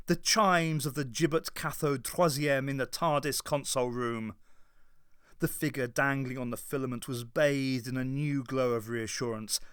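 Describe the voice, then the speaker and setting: A man narrating an audiobook in a dramatic, measured reading. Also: mid-range voice, fairly bright tone, clean tone, no room sound, studio quality. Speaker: audiobook reader. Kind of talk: scripted narration.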